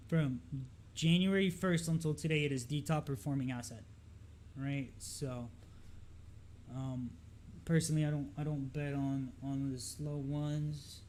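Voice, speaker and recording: A man's voice: a little high, a little slow, long pauses, a little mellow, a little hiss or hum. Casual man musing over market charts. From Lebanon. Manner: loose, rambling, lots of fillers and repeats. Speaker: market analysis streamer. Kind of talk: casual live-stream chart commentary.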